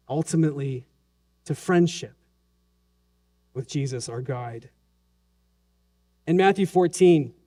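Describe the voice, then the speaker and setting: A male pastor in his thirties delivers a Sunday sermon in an unhurried, deliberate way. His voice sits high for a man, and he moves between soft, hushed passages and raised, urgent pleas. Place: church sanctuary during a Sunday service.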